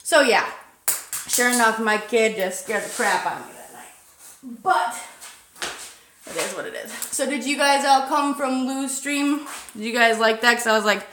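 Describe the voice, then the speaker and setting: A woman in her thirties chats through a night-time livestream, talking loosely to viewers and swearing without a second thought. Her voice sits a touch high and sounds bright and forward. The sound carries a noticeable roomy echo. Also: a little slow, long pauses, a little hiss or hum. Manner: rambling and chatty, swears freely, greets viewers. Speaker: paranormal livestream host. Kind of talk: casual livestream chat. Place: outdoors at night.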